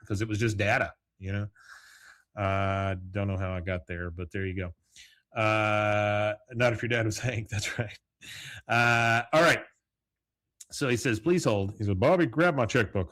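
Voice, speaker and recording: A man hosting a podcast alone, casually recapping an episode and acting out the characters' lines with laughs. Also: lowish voice. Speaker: podcast host. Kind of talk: casual solo recap with quoted voices.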